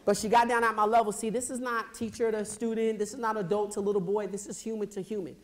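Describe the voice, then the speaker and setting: A man giving a motivational speech at a high school assembly, acting out scenes with sound effects and quizzing the students. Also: fast. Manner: animated storyteller who acts out scenes, makes sound effects and quizzes the crowd. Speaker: motivational speaker.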